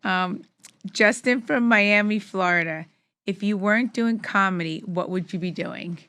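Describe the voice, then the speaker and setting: A woman's voice: medium pitch, measured pace, bright, forceful tone, clear, resonant tone, dry recording. A woman with a New Jersey accent hosting a casual interview podcast, reading out listener questions and reacting with short laughs. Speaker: podcast host.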